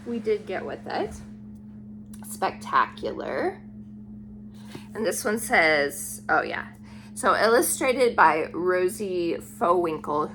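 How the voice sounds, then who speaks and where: Slow-talking woman gushing over books. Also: lowish voice, pushed and bright, a little hiss or hum. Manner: gushing, unhurried, admiring each book aloud. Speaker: book vlogger. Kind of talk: casual book haul show-and-tell.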